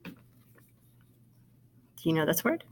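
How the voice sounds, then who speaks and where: A woman speaking slowly in a slightly mellow voice, with a little hiss or hum, teaches young children kindergarten sight words. She patiently sounds out and spells each one, encouraging the child watching and offering praise as she goes.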